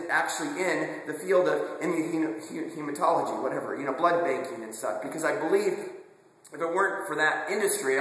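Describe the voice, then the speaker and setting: Recorded in a room with heavy, long reverb, this man speaks with a fairly high, fairly bright voice. He's a video blogger pouring out a passionate, earnest confession, restarting sentences and repeating words often.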